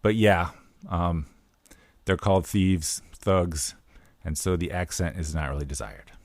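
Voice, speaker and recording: A man's voice: deep voice, a little slow, no echo, clean studio sound. A man co-hosting a language-learning podcast, chatting in an easygoing way as he reads reviews and tells stories. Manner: easygoing, chatty, some fillers. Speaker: podcast co-host. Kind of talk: casual podcast chat.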